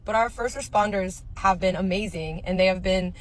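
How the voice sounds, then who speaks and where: A woman's voice: mid-range voice, normal speed, noisy background. A woman speaks casually to camera in an exasperated way. She keeps firing off rhetorical questions. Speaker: social media commentator.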